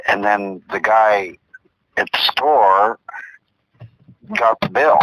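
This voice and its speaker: A man's voice: fairly low pitch, drawn-out words, fairly bright tone, no room sound, rough recording. An older man telling long, rambling stories in casual chat as co-host, often repeating himself.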